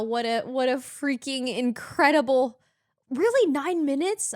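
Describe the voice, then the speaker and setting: Young woman streamer, live reaction, emotional and gushing, high lively voice. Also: unhurried, some chatter behind. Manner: emotional, gushing exclamations, swearing.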